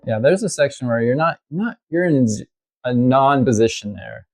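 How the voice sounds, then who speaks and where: Man, violin teacher, gravelly voice, halting delivery, mid-pitched. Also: animated, darkish tone, soft background music. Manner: halting, many fillers and restarts. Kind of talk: casual instructional talk.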